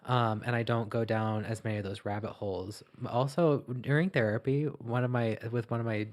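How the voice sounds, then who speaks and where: A man co-hosting a podcast in casual chat, talking earnestly and haltingly, often restarting his sentences. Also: medium pitch, steady tone. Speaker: podcast co-host.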